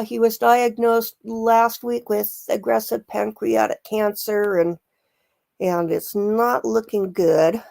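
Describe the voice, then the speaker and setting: Her voice fairly high-pitched, darkish, and gravelly with fry, a middle-aged woman slowly works through casual true crime commentary. She wanders, starts sentences over, and leans heavily on filler words.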